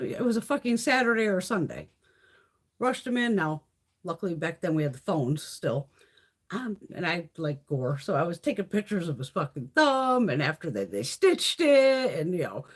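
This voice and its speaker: A woman's voice: medium pitch, very animated, moderate pace. A woman hosting a beauty livestream, telling stories in blunt, profane casual chat with snarky asides.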